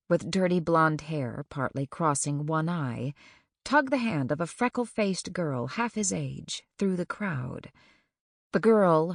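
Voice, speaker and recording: A woman reads an audiobook in a measured, even way. Her voice sits low with a gravelly edge. The recording is close and dry. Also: no echo. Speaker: audiobook narrator. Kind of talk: scripted narration.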